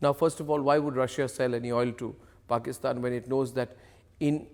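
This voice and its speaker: A man's voice: medium pitch, steady tone, a little fast, big-room sound. A man, delivering a mocking, theatrical news monologue as an anchor. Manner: mocking, theatrical, impersonating quotes.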